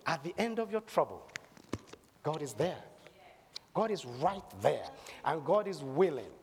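A man preaching a sermon, telling a personal story dramatically and building to loud exhortation and prayer. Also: a little high, a little hiss or hum. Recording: long hall reverb.

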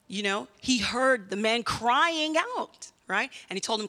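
A woman giving a children's sermon in a lively way, often asking the kids questions. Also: on the high side, normal speed, hardly any pauses, in a large hall. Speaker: children's church teacher.

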